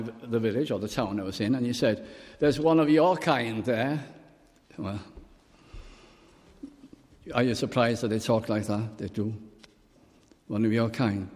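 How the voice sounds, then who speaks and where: An older man from Wales preaching a sermon, telling personal stories and quoting scripture slowly. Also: medium pitch, long reverb tail. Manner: storytelling, warm pauses, quotes scripture slowly.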